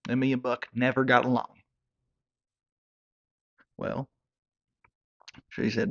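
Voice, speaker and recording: A man's voice: mid-range voice, a little slow, long pauses. A man, telling a rambling comic story in character with stumbling repeats. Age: 30s. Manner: hillbilly drawl, stumbling repeats. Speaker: comedy character narrator. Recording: dull lo-fi recording.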